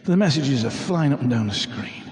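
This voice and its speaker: A man's voice: mid-range voice, expressive, fairly quick, breathy edge, dry recording. Chatty man hosting a home live stream. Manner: chatty, reads out viewer comments. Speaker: livestream singer and host. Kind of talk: casual live-stream chat and singing. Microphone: home setup with laptop and phone. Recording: faint backing music.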